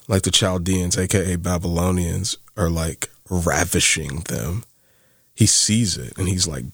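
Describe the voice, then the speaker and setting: A man's voice: low voice, measured pace, slightly rough, dry recording, studio quality. A man co-hosting a casual faith discussion podcast, talking earnestly and building emphasis as he makes his points. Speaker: podcast co-host.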